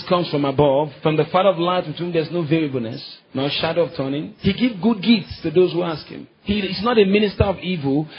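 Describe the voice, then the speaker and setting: A man's voice: on the high side, highs cut off. A man preaching a sermon, quoting scripture and calling on the congregation to answer back. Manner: preaching with scripture quotes and call-and-response. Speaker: pastor.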